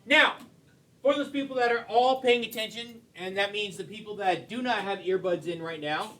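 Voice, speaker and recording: High-voiced joking male teacher. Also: normal speed, fairly bright tone. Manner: teasing, joking banter with students. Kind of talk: classroom lecture. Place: classroom. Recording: echoey classroom, distant mic, faint room noise.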